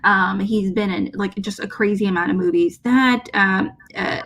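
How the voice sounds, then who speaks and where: A woman's voice: mid-range voice, moderate pace, a bit bright. A woman co-hosting a casual movie talk show, laid-back and often trailing off while searching for names. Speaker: co-host of a movie discussion show. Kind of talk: casual chat about a movie.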